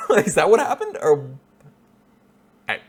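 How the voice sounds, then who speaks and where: A man's voice: sits high, wildly swooping pitch, takes it slowly, husky. Male reaction-video host: rambling, profane, chuckles at his own jokes. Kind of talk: casual reaction commentary.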